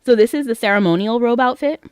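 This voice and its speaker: Chatty, excitable woman streamer. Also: on the high side, fast talker, clean tone, dry recording, clean studio sound. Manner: excitable, rambling, giggly. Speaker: gaming streamer. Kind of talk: casual gaming stream chat.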